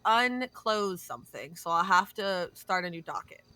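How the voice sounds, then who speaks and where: Bright-voiced woman playing a judge. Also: lowish voice, expressive, normal speed, clear, resonant tone. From New England. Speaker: judge in roleplay. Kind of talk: casual roleplay chat.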